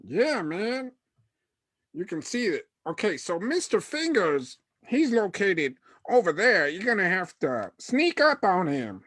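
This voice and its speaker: A man voicing a job broker who hands out a mission in a hushed, conspiratorial manner, in an improvised comedy bit. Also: sits high, very animated, slow, no room sound, studio quality, voice pushed up, exaggerated voice. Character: quick-talking male job broker. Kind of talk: improvised comedy role-play.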